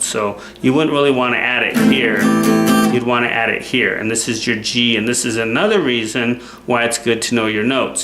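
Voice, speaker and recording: A man giving a casual guitar lesson, who keeps checking in with the viewer by asking "okay?". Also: mid-range voice. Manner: relaxed, repeats "okay?" to check in. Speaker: guitar teacher. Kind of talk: casual instructional talk. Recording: roomy sound with loud guitar playing. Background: guitar playing.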